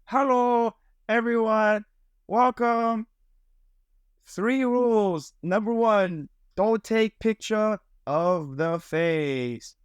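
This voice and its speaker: A chirpy young maid cafe hostess, as a man puts her on, sings out her rules in a slow, halting, high voice. The sound is close and dry, with no room around it. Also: clear, resonant tone, no echo. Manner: sing-song, slow, halting rule-reading.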